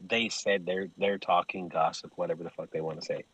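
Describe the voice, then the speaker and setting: A man's voice: sits low, fairly even intonation, fairly quick, a bit bright, slightly rough, no room sound, muffled recording. A man guesting on a podcast, telling profane, joking stories and acting out the voices of the people in them, laughing often. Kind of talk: casual joking storytelling.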